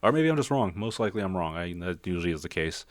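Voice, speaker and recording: A man's voice: deep voice, lively intonation, fast talker, no echo. A man giving a casual spoken film review. He rambles, second-guesses himself and uses lots of fillers. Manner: rambling, self-doubting, many fillers.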